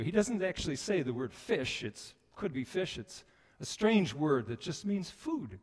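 A man preaching a sermon, moving between hushed passages and loud, emphatic ones. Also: mid-range voice, big pitch swings, a little slow. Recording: long reverb of a large hall.

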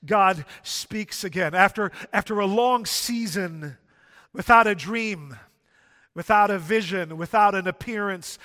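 A man's voice: high-pitched, sharp tone. A man preaching a sermon, building emphatic points through repetition. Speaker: pastor. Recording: long hall reverb.

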